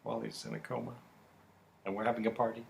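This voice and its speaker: A man co-hosting a podcast, casually recapping soap-opera episodes in an animated storytelling way and acting out the characters' lines. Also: mid-range voice, fast, creaky. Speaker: podcast co-host.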